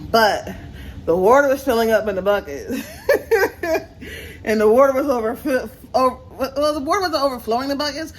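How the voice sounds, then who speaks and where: A woman's voice: medium pitch, a little hiss or hum, low-quality recording. A woman vlogging at home, chatting and laughing with her viewers while sweaty from yard work. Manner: chatty, laughs often, talks to viewers as y'all. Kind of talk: casual chatty vlog. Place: at home, in the backyard and indoors.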